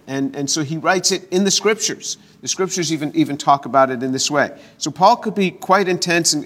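A man's voice: on the high side, fairly bright tone. An older man teaching a verse-by-verse sermon, often stumbling and repeating words, with long scripture readings. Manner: reads scripture aloud in long passages. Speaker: pastor.

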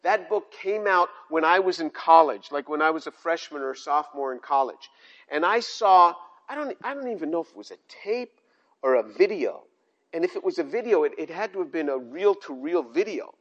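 An older man preaching with a high, lifted voice. He presses each point hard, repeating phrases and stumbling into restarts. The sound is slightly dull and lo-fi. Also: lively intonation, a little fast, fairly bright tone. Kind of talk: sermon on scripture.

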